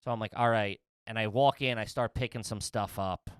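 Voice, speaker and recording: A man's voice: lowish voice, steady tone, brisk, clean tone, no room sound, clean studio sound. A man co-hosting a podcast, telling a rambling comedic story full of swearing and laughs. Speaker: podcast co-host.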